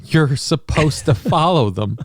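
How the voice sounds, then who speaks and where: A man co-hosting a streamed talk show, dropping wry, deadpan quips. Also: a little high, measured pace, no room sound, studio quality. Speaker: co-host.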